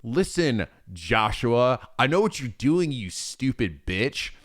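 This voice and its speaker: A man's voice: medium pitch, very animated, slow. A man loosely imitating a headstrong young heroine who bosses and teases her companion crudely. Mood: teasing. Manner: mocking, crude, bossy. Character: headstrong teenage girl heroine, blunt and teasing.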